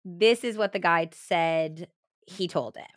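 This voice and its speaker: A woman's voice: fairly low pitch, slow, no room sound, studio quality. Chatty woman telling a true crime story. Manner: casual, chatty with frequent fillers. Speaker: podcast host.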